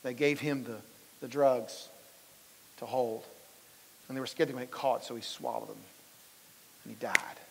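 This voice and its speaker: The pastor speaks at medium pitch and normal speed, his tone steady and a touch bright, leaving long pauses. His conversational sermon mixes stories with questions for the congregation, captured in a church sanctuary with long hall reverb and slight background noise.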